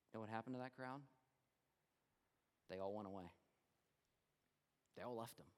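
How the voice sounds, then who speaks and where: A man's voice: lowish voice, normal speed, pauses often, long reverb tail. A man preaching a sermon in a conversational way, acting out crowd voices as he retells a story. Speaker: pastor.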